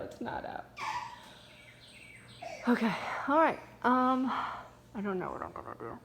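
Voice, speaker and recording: A woman's voice: on the high side, normal speed, long pauses, noisy background. A young mother filming a casual home video, talking in a panicky, nervous way with swearing and jittery laughter. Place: inside a house.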